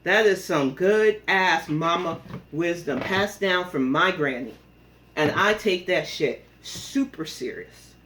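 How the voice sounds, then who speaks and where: This is a confrontational callout vlog shot on a phone at home, where a woman rides an exercise bike while profanely and bluntly berating a rival. Her pitch is fairly low and her tone fairly bright, with slight background noise.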